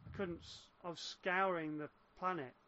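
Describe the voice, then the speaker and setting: A man's voice: high-pitched, fairly even intonation, moderate pace, bright, forceful tone. Rambling man on lo-fi chat. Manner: rambling, explaining at length with restarts. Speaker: gamer in casual chat. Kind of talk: casual chat. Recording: muffled lo-fi voice chat.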